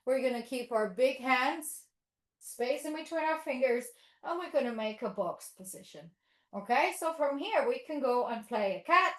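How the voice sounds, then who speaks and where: This is a yoga demonstration in which a woman instructs yoga teachers, cueing poses encouragingly and making playful animal sounds for children. Her voice is high and expressive, a bit bright, at normal speed, captured roughly in a roomy space.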